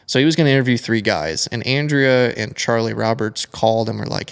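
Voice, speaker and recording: Young male racer, casual rambler with a gravelly edge, mid-pitch. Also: fairly quick. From United States. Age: young adult. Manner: rambling, animated storytelling with many fillers. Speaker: guest, flat track racer. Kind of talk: casual storytelling interview.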